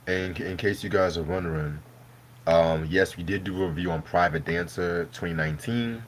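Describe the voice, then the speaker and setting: Deep-voiced man hosting a casual live stream. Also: normal speed, slight background noise. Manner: loose, profane, laughing banter. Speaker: host.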